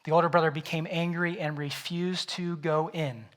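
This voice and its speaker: Animated pastor preaching a sermon. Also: male voice, fairly high pitch, normal speed. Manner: animated, acts out Bible characters in quoted voices.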